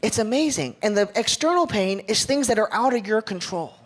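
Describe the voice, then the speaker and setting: A man's voice: high-pitched, expressive, brisk. A man from Ohio giving a casual, upbeat church leadership talk, joking and drawing in the audience.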